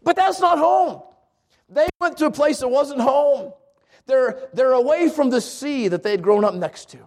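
A man's voice: extremely high pitch, normal speed, darkish tone. A man preaching an earnest sermon as a pastor, often restarting and repeating words, rising to emphatic peaks.

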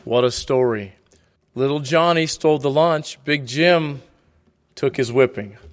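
A male pastor preaching in a measured, direct way. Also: medium pitch. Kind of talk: sermon.

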